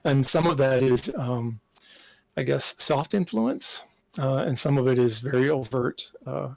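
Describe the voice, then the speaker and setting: A man answering interview questions in a thoughtful, halting way, with many fillers and restarts. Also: medium pitch, gravelly, no echo. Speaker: game designer guest.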